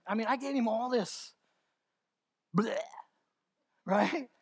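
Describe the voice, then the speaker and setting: A man's voice: very high voice, takes it slowly, pauses often, husky. Impassioned preaching pastor, man. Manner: passionate, rises to near-shouting in climaxes; confessional, candid storytelling. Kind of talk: sermon.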